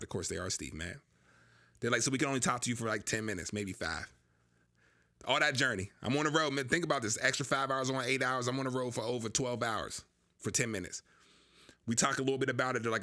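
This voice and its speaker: A young man tells a long personal story in a casual, loose way. He acts out the other people in it as he goes. His voice has a bright, forceful edge at a middle pitch. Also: fast talker. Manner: animated, acts out dialogue with others.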